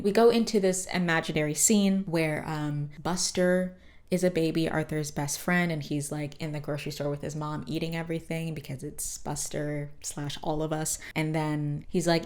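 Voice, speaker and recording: A woman's voice: low-pitched, little pitch movement, moderate pace, a little mellow. A woman hosting a podcast, recapping a cartoon episode in casual, profane, joking chat with lots of fillers. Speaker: podcast host.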